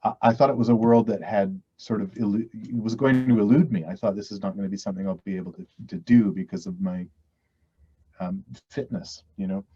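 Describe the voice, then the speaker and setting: A man's voice: on the low side, steady tone, brisk, dark tone, slightly rough. Rambling Canadian man, dull lo-fi audio. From West Coast Canada. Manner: rambling, self-deprecating, frequent restarts. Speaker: actor guest. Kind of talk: casual interview chat.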